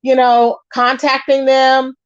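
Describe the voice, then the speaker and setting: Host: woman, high voice, gossip commentary, dry close sound, dull audio. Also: slow, clear, resonant tone, no room sound. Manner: animated, chatty, reacts to live chat.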